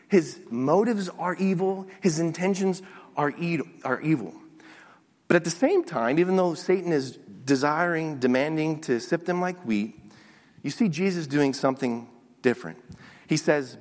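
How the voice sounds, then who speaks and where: Animated male preacher in a hall. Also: a little high. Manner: animated preaching with some restarts. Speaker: pastor. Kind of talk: sermon.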